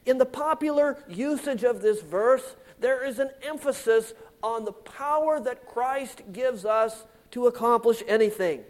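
Slow, high-voiced male preacher. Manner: slow, deliberate, emphatic preaching with drops in volume at phrase ends. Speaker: pastor. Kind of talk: sermon.

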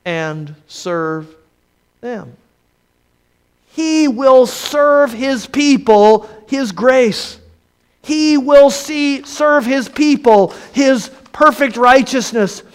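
A man with a very high, smooth and clear voice preaching a sermon. He speaks slowly and emphatically, letting his voice sink soft on the words he stresses. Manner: slow, emphatic delivery that drops soft on key words.

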